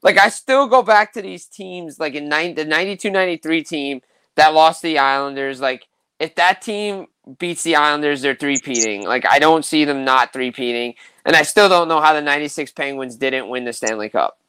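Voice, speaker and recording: Crisp, dry-sounding male hockey fan host. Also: a little high, normal speed, bright, forceful tone, dry recording, low-quality recording. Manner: enthusiastic fan, heavy use of "like". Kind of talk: casual sports chat.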